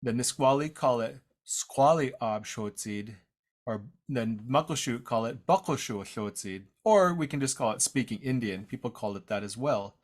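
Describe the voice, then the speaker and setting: A man's voice: medium pitch, animated. Casual man teaching over a video call. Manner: casual, self-deprecating, halting with restarts. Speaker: tribal language teacher. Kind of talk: online presentation talk. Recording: unstable internet connection, audio drops out.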